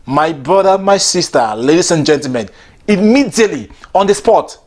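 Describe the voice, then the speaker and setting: Guy with a high voice riffing a preachy comedy bit, keeps repeating himself and chuckling. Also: expressive, moderate pace. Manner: preachy, chatty, repeats himself and laughs between lines. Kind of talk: comic monologue.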